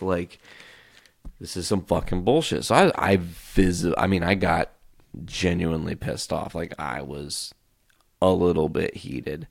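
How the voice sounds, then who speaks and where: Podcast host, male, very low gravelly voice, dry close sound, swears freely while telling a story. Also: moderate pace, no room sound. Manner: profane, ranting, animated storytelling.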